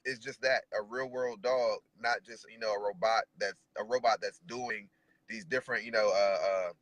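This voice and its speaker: A man's voice: fairly low pitch, steady tone, moderate pace, fairly bright tone, no echo, rough recording. A man, a guest dog trainer and decoy, talking casually and rambling a bit. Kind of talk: casual conversation.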